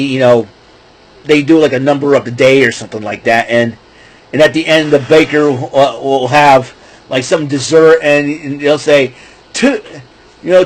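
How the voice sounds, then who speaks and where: A man's voice: a little high, rough recording. A middle-aged man hosting his own show, talking casually in a rambling way with many restarts. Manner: rambling, restarting, breaks into goofy voices and laughs. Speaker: podcast host. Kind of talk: casual solo talk.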